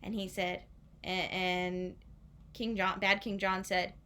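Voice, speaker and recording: A woman telling a story to young children, playful and animated, inviting listeners to join in. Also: medium pitch, slow, clean tone.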